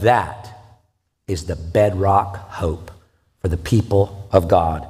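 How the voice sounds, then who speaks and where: A man preaching a sermon as pastor, earnest and asking the congregation rhetorical questions. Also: mid-range voice. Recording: reverberant church hall.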